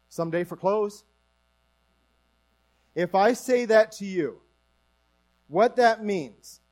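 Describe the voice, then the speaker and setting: A man's voice: high voice, darkish tone. A man from Newfoundland with a Newfoundland accent, preaching a conversational sermon to his congregation and asking them questions. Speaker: pastor.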